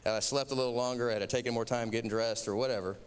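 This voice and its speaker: Southern guy preaching, telling a funny story on himself, smooth clear voice, big hall echo. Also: medium pitch, fairly even intonation, rapid-fire. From Florida. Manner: chatty, self-mocking storytelling. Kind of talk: sermon told as a personal story.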